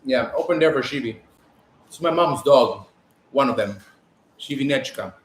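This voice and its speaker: A man's voice: mid-range voice, animated, normal speed. A man hosting a casual live stream, tasting sweets and reading viewer comments aloud in a chatty way. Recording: echoey room with faint noise.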